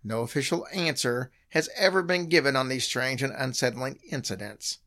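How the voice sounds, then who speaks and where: A hoarse-voiced podcast host of medium pitch and moderate pace tells stories animatedly on a casual show, frequently restarting his sentences.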